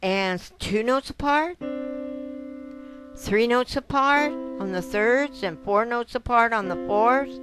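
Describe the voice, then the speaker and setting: A piano teacher with a slightly high voice takes her time, patiently guiding the lesson step by step and counting notes aloud while piano notes play between her phrases.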